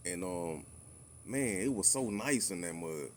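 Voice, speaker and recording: A man's voice: deep voice, expressive, a little slow, slight background noise. A man co-hosting a podcast, talking in a laid-back, drawling way full of fillers. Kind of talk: casual podcast chat.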